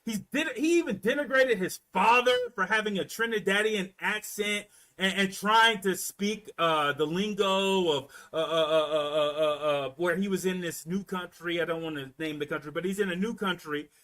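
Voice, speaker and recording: A man from Florida telling a story in a casual, animated rant, full of profanity and repeated words. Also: high-pitched, moderate pace. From Florida, US South. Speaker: commentator.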